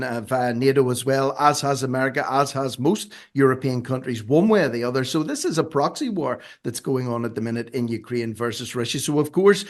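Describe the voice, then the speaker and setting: A man on a debate panel, emphatic and sarcastic, firing off rhetorical questions. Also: mid-range voice. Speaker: panel guest.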